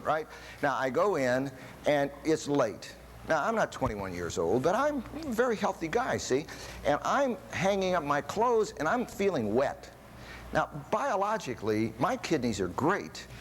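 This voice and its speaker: An older man presents a seminar to an audience in a seminar room, an animated storyteller who cracks jokes and puts questions to the crowd. His voice is a little high, his pace moderate, and there's a slight hiss or hum.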